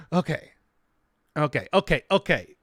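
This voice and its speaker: A man's voice: a little high, big pitch swings, takes it slowly, fairly bright tone, breathy edge, no echo, studio quality. A man streaming a video game, chatting casually with his viewers, rambling and laughing a lot. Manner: rambling, giggly, talks to chat. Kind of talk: casual gaming livestream chat.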